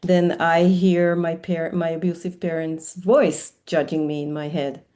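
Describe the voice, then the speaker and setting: A woman on a video call asking a question, halting and restarting her sentences. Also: fairly low pitch, flat delivery, dark tone, rough recording. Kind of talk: casual discussion on a video call.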